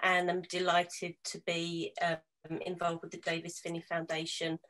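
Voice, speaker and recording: A British woman from the UK moderating a panel in a chatty, teasing way with quick asides. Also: fairly low pitch, monotone, fairly bright tone. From United Kingdom. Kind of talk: casual panel chat.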